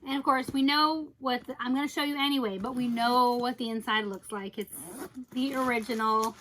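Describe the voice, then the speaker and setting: Gushing high-voiced woman reviewing bags. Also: fairly even intonation, normal speed, noisy background. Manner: chatty and gushing, with playful asides and sudden surprised exclamations. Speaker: bag collector reviewing her purchases. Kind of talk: casual product review vlog.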